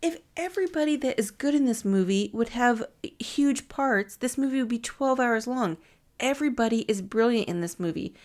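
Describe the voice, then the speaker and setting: Reading a film recap from her notes, a woman co-hosting a podcast giggles frequently in a casual conversation. Her voice is fairly high, animated and a little mellow, at a moderate pace.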